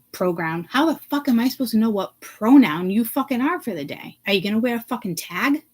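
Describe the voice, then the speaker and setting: A woman vlogger ranting to her viewers, blunt and profane, swinging from hushed asides to loud outbursts. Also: on the high side, low-quality recording. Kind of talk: ranting to camera.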